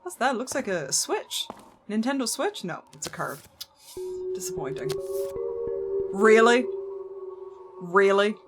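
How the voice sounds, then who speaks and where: Over music, a woman with a mid-range voice and big pitch swings takes it slowly, pausing at length. Her live horror-game stream is full of chatter, jokes and casual swearing, and she talks back to the characters.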